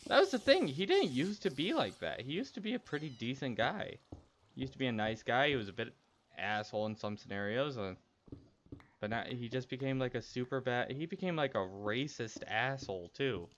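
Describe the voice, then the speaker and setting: A young man streams and games while telling a personal story, casual and candid, rambling with frequent restarts. His medium-pitched voice has lively intonation, a moderate pace and a bit of brightness, with dull lo-fi audio and faint noise behind it.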